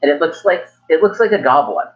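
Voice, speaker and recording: Laid-back game master narrating loosely, middle pitch, muffled lo-fi sound. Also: big pitch swings, a little fast. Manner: casual, loose, fillers like "like".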